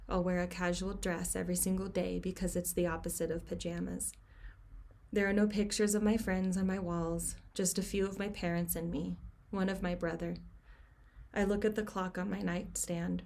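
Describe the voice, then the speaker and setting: A woman reads her own novel aloud in a cabin at home. Her voice sits low and stays fairly even in pitch. She keeps the reading quiet, sinking to near-whispers where the story grows tense. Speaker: author.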